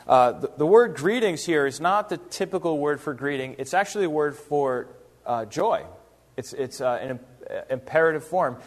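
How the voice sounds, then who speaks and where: Slightly high-voiced man teaching the Bible. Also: moderate pace. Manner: lively, uses rhetorical questions and acted-out asides. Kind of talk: casual, conversational Bible teaching.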